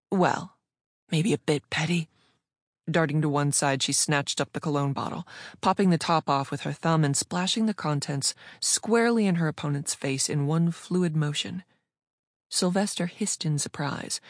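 An audiobook narrator reading a story in scripted narration with a steady, even delivery. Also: mid-range voice, no room sound, studio quality.

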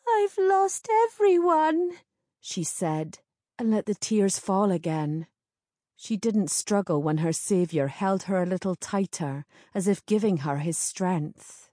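Slow, mellow woman narrating a novel. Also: lowish voice, dry recording, studio quality. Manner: measured, steady storytelling. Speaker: audiobook narrator. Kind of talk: scripted narration.

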